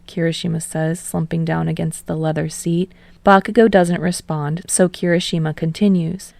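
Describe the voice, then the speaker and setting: A woman reading fan fiction aloud as a podfic reader in steady, measured narration. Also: sits low, creaky, no room sound.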